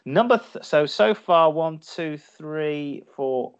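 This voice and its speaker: A man's voice: fairly high pitch, expressive, slow, clean tone. Man hosting a jokey quiz. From Ireland. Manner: jokey, self-correcting quizmaster. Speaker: podcast co-host running a quiz. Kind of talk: casual chat. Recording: dull lo-fi audio.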